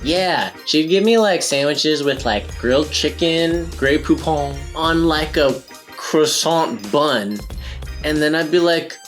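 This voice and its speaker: A young woman from Southern California speaks low and easygoing, her pitch swinging widely as she jokes over a cooking session at home. Faint music runs behind her. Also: expressive, slow. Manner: laid-back, jokey, with lots of fillers. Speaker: co-host. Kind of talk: casual chat while cooking. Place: home kitchen.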